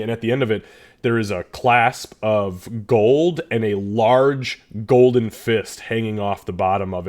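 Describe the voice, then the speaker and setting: A man narrating a tabletop game as game master, loose and descriptive with many fillers. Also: lowish voice.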